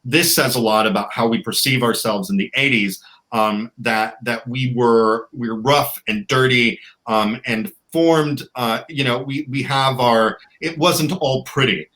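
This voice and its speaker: Man, podcast co-host, crisp bright tone, rambly casual talk, dry humor. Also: medium pitch, measured pace, low-quality recording. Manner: rambling, with many restarts and fillers; wry, offhand humor. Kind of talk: casual chat.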